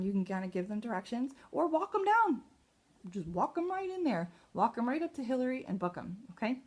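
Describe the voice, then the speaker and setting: A woman at home at night giving a team a casual training talk as a sales leader, upbeat and chatty with many fillers, a little excited and nervous. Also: fairly low pitch.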